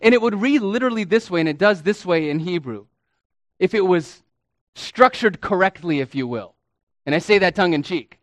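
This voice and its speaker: A man preaching a sermon as a pastor, teaching with deliberate emphasis and stretching key words, calling his listeners beloved and friends. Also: high voice, animated, fairly bright tone, no echo.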